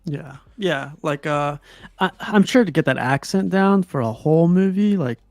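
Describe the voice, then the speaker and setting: A man hosting a casual movie review chat, talking loosely with plenty of "like" fillers and quick laughs. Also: a little high, animated, dry recording. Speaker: host of a movie review show.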